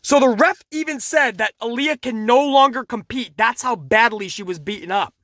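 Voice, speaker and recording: A man rants through a wrestling recap, swearing and laughing as he goes. His voice has a bright, forward edge. The sound is dry and close. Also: extremely high pitch, moderate pace, no room sound. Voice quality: animated, swearing, laughs at his own jokes. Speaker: wrestling show reviewer. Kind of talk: casual profane commentary.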